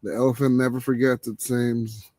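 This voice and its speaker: A man's voice: mid-range voice, flat delivery, normal speed, darkish tone, dry recording. A man hosting a live talk stream, chatting casually in a loose, laid-back way. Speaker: livestream host. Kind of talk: casual chat.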